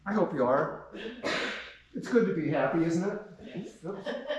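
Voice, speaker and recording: A man gives a lecture in a relaxed, chuckling way, reading his comic strips aloud. His voice sits a little high. It rings through a very echoey room from a distant mic. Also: a little slow, long pauses. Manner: chuckling, conversational storyteller. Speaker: cartoonist giving a lecture. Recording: very echoey room heard from far off.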